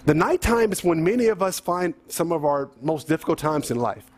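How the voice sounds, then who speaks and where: A man's voice: on the high side, lively intonation, fairly quick, a little mellow. A man preaching a sermon as a pastor, talking in a conversational way with many rhetorical questions and rising to emphatic peaks.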